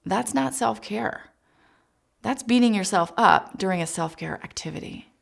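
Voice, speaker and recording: A woman child psychologist giving a gentle, encouraging parenting talk, speaking directly to parents. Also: mid-range voice, lively intonation, normal speed, gravelly.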